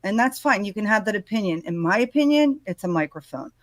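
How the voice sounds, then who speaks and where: A woman hosting a true-crime commentary, talking in a speculative, conversational and often hushed way. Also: mid-range voice, lively intonation, brisk, dry recording, poor audio. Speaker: host.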